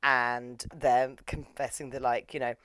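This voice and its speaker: A woman's voice: rumbling low, level tone, measured pace, a bit bright, clear, resonant tone, no echo. Chatty young woman recapping an anime. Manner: chatty, irreverent, full of fillers. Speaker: anime reviewer. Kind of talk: casual recap vlog.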